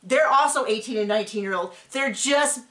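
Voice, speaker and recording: Middle-aged female recap co-host, higher voice, animated and rambling, echoey room. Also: brisk. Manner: animated, acts out quotes, rambling asides. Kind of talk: casual chat recapping a reality show.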